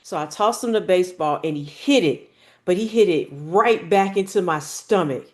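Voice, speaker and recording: A woman shares a childhood memory in a relaxed family conversation. She tells it playfully and laughs now and then as she goes. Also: lowish voice, moderate pace. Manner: playful storyteller, laughs while telling. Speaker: podcast co-host. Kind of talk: casual family chat.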